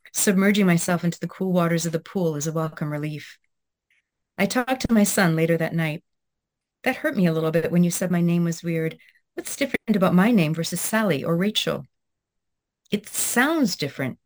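Soft-spoken reflective woman, slightly low. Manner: soft, reflective, with many hesitations and restarts. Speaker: guest author. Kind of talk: conversational interview, then reading her own essay aloud.

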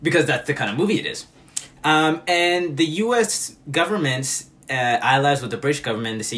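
A man's voice: a little high, a little fast. A man co-hosting a podcast, chatting casually and sarcastically about bad movies. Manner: sarcastic, animated storytelling. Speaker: podcast co-host. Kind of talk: casual movie review chat.

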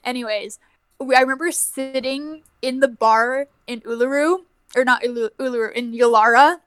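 Blunt Canadian woman, higher voice. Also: clean tone, dry recording. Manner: blunt, swears freely, lively anecdotes. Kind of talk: casual chat.

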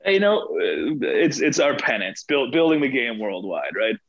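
A man co-hosting a casual football podcast, delivering his jokes deadpan and sarcastic. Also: mid-range voice, moderate pace, gravelly, dry recording. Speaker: podcast co-host. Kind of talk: casual sports chat. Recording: dull, dry lo-fi sound.

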